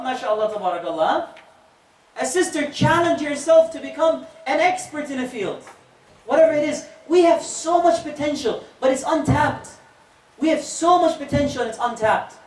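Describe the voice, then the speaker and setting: A man giving a storytelling sermon as an imam, animated, with joking asides to the audience. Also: very high-pitched. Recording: echoey hall, distant mic, faint noise.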